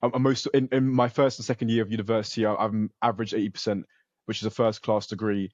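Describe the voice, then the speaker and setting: Earnest young British student, muffled call. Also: male voice, fairly low pitch, level tone, fast, darkish tone, no room sound. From United Kingdom. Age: young adult. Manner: earnest, self-assured, frequent restarts. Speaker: interview guest, computer science student. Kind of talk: casual interview over a call.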